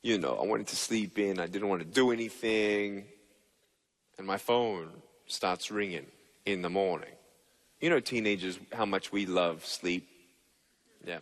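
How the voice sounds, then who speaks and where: A man's voice: low voice, unhurried. A young man giving a motivational talk to a live audience, telling a story and acting out both sides of the dialogue. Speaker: motivational speaker. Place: large stage venue. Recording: reverberant hall.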